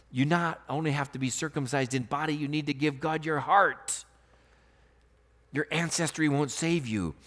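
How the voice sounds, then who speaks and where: A male pastor delivering a sermon in a somewhat high voice. He preaches earnestly, building to forceful emphasis before falling back to soft, low-key stretches. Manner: earnest preaching, rising to emphatic bursts then dropping soft.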